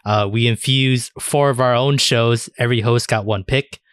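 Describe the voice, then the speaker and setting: A man's voice: medium pitch, steady tone, normal speed, fairly bright tone, clear, resonant tone, dry recording. A man hosting a casual podcast, chatting loosely, swearing freely and leaning on fillers like "uh" and "like". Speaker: podcast host.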